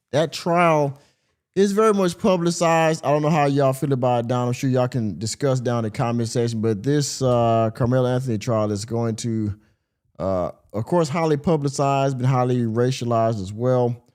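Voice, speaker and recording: A male podcast host chats casually in a mellow, mid-pitched voice. He rambles and fills his talk with "you know" and "uh". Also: normal speed, smooth. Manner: rambling, heavy on fillers. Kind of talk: casual reaction commentary.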